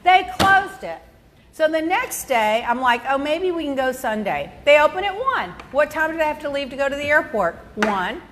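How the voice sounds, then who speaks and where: Lively high-voiced woman telling a story. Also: moderate pace. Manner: animated, exclamatory, quotes herself in big swings. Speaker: podcast host. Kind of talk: casual storytelling chat.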